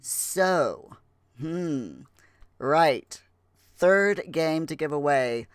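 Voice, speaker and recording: A man hosts a game livestream from a home setup, his voice a touch higher than usual. He rambles and restarts with plenty of fillers and slips in and out of a put-on, admittedly poor Scottish accent. The desk microphone sound is close and dry. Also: animated, extremely slow, clear, resonant tone, no room sound. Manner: chatty, full of fillers and restarts. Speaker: livestream host. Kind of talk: casual livestream chat.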